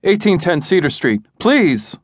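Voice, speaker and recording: A man's voice: high-pitched, sing-song, unhurried, dry recording, clean studio sound, voice pushed up, full character voice. A man voicing a panicked middle-aged man who pleads for help, breathless and quaking. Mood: frantic.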